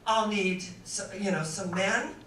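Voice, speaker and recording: A woman's voice: medium pitch, measured pace, a bit bright, a little hiss or hum, lightly acted. A woman voicing a flustered, newly divorced American woman who laughs at herself. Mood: self-mocking. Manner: self-deprecating, laughing at herself. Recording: echoey room, distant mic.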